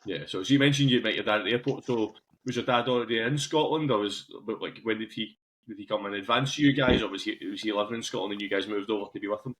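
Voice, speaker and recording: A man's voice: on the low side, quick pace, a bit bright. A man hosting an interview podcast, asking long, loosely phrased questions. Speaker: podcast host.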